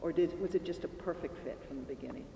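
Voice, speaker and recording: Soft-spoken interviewer in an echoey room. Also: medium pitch, fast, gravelly. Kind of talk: interview questions.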